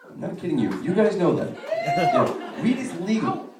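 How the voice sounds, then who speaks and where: A young man works a comedy club stage, spinning profane, animated stories with quick asides. His voice sits a bit high and swings widely in pitch. He sounds distant, caught by a far mic in an echoey room. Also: noisy background. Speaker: stand-up comedian. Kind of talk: stand-up comedy set.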